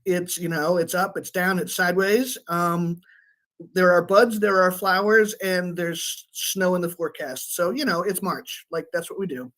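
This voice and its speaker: A co-host chatting in a loose, conversational way, with frequent fillers. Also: female voice, fairly low pitch, fairly even intonation, measured pace, fairly bright tone. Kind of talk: casual chat.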